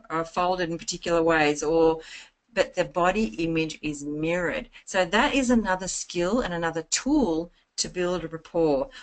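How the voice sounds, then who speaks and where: A woman giving an informal sales training talk, full of anecdotes, chatty and lively, restarting her phrases often. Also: on the low side. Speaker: network marketing trainer.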